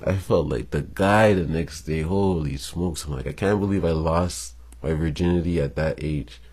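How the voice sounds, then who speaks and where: A man's voice: very deep voice, moderate pace, darkish tone, husky. A young man telling a personal story in a casual, slangy monologue, swearing freely and chuckling between lines.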